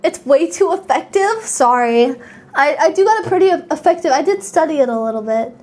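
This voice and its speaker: A young woman VTuber chatting on a live stream, excitable, squealing and giggling as she thanks her viewers. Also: sits high, a little fast.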